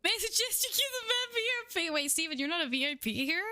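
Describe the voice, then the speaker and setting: High, bright-voiced woman streamer. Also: fast, no echo, studio quality. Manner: excited, swearing, laughing often. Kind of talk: casual live-stream chat.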